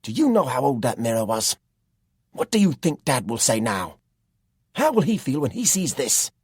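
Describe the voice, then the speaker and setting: A man voicing an angry young farmer, the protagonist's older brother, shouting at a younger sibling in a storybook reading. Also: deep voice, unhurried, breathy edge, no room sound, studio quality, heavily acted. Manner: shouting, loud and strained.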